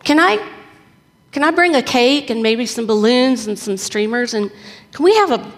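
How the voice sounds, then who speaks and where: A woman voicing an earnest middle-aged male professor who asks excited, pleading questions. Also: fairly high pitch, normal speed. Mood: eager. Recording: echoey hall reverb.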